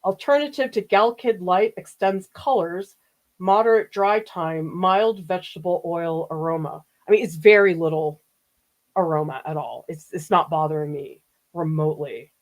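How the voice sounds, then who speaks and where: A woman's voice: on the low side, normal speed. A woman art professor from the US East Coast, chatting casually with viewers during a livestream painting demo and often laughing as she reads their comments aloud.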